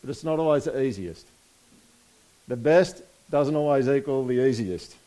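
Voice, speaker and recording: A man's voice: medium pitch, lively intonation, moderate pace, warm tone. A man preaching a sermon in a casual, conversational way, asking the congregation for responses and reading scripture aloud. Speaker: pastor.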